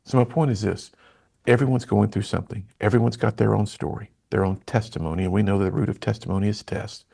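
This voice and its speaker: A man with a low, gravelly voice talks in an interview. His tone is earnest and emphatic. A husky edge runs through his speech. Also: steady tone, fast talker, dark tone. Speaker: motivational speaker. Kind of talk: storytelling interview talk.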